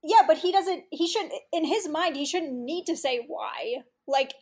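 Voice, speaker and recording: A woman's voice: sits high, measured pace, darkish tone. A woman co-hosting a podcast in casual chat, matter-of-fact with hesitant fillers. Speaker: podcast co-host.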